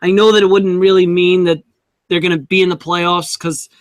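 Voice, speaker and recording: A man with a high voice chats casually about sports as a podcast co-host. He stumbles and restarts his words often. The sound is dry and close, with no room echo. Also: little pitch movement, normal speed.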